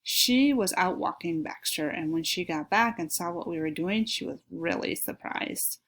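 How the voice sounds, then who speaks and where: A woman's voice: on the low side, normal speed, a little hiss or hum, lightly acted. A woman reading as a cheeky, eager boy. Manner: excited, cheeky. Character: eager, mischievous young boy.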